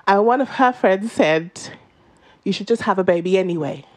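A woman, co-hosting a podcast, telling a story in lively, animated casual chat. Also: mid-range voice, normal speed. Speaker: podcast co-host.

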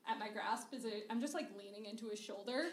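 A woman's voice: fairly high pitch, fast, far from the mic. Chatty young woman telling a story live. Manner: chatty, says "like" a lot, laughs through the story. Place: live show venue. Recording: roomy live stage recording with noise.

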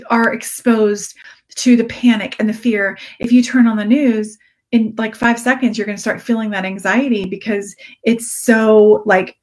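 A woman giving an earnest, encouraging live-stream coaching talk to her direct sales audience, repeating key phrases for emphasis. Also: mid-range voice. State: briefly teary-eyed.

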